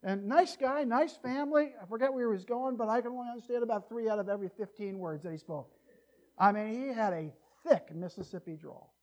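A male pastor preaching an expository sermon in a church, animated and given to joking asides, his loudness rising and falling widely. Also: high-pitched, brisk.

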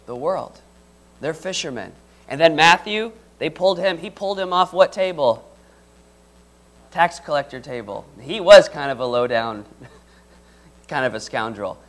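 A man's voice: on the high side, expressive, measured pace, pauses often, fairly bright tone. A man preaching a conversational sermon, reading scripture aloud and asking his listeners questions. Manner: conversational, asks the audience questions.

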